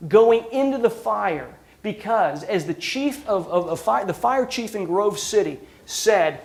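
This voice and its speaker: A man's voice: high-pitched, expressive, a little slow, creaky, few pauses. A middle-aged man giving a speech to a live audience, telling an earnest story with frequent restarts and repeated words. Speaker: guest speaker.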